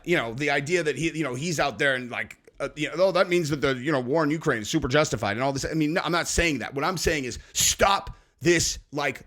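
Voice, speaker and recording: On his podcast, a male host launches into a heated political rant in a slightly high, fairly bright voice. He lectures his listeners, scolding and swearing freely along the way.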